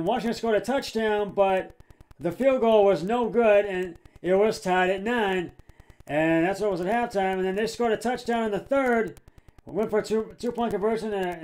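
High-voiced man hosting a sports podcast. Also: moderate pace. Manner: frustrated, yelling at times, with many fillers and restarts. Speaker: podcast host. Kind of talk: solo sports podcast commentary.

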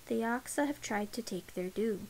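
A woman voicing a calm, pitiless male priest who speaks gravely and evenly, in a storybook reading. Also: on the high side, slight background noise, natural voice, poor audio. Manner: grave, measured.

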